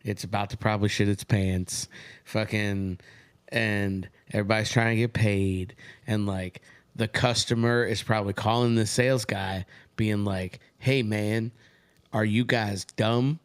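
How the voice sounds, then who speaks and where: A man's voice: on the low side, steady tone, a little slow, clear, resonant tone, no room sound. Guy on a podcast telling a sales story, lots of swearing, dry close mic. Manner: profane, storytelling, acts out sales calls. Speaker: podcast co-host. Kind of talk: casual comedic banter.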